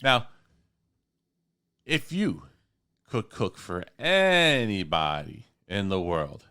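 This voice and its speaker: Low, lively-voiced male radio host. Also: drawn-out words, clear, resonant tone. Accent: New York. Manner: playful, repeats words, trails off quietly. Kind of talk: casual interview chat.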